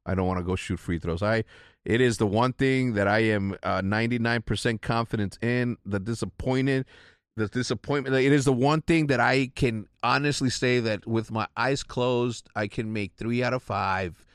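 A man's voice: medium pitch, normal speed, clean tone, dry recording. Midwest guy chatting, stammers a lot, runs himself down, dry close sound. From Illinois. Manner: self-deprecating, stammering restarts. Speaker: podcast co-host. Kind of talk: casual chat.

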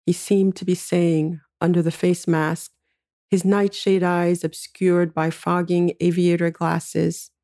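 A woman reading a literary short story aloud in a measured, unhurried narration. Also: on the low side, mellow.

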